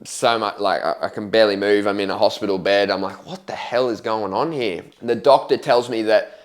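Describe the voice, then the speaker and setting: Candid young man with a low voice. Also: fairly even intonation, a little fast. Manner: candid, slangy, swears freely, acts out his own past reactions. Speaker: vlogger telling his life story. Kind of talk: casual storytelling to camera.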